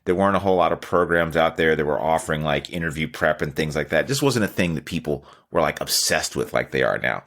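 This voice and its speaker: A man's voice: rumbling low, lively intonation, fast talker, few pauses, a bit bright. A man, telling a candid, self-deprecating story in a casual podcast chat. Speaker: podcast host.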